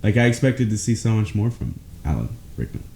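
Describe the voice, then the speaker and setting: A man co-hosting a podcast who speaks haltingly, stammering as he searches for words. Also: on the low side, very animated, creaky, warm tone, a little hiss or hum. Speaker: podcast co-host. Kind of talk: casual chat. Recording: echoey room.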